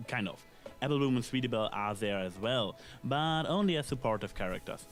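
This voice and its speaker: A man reading a scripted episode review in a measured, analytical way, with dry asides. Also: mid-range voice. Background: faint background music.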